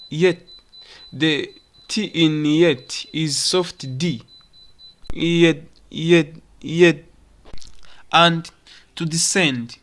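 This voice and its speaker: A teacher from Rwanda giving a pronunciation lesson, repeating words slowly to demonstrate them. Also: mid-range voice, fairly bright tone. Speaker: English teacher.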